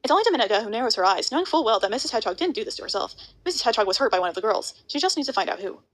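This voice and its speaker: Woman, audiobook reader, rapid, higher voice, stumbling delivery. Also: sing-song, low-quality recording. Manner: rushed, stumbling over words. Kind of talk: reading a novel aloud.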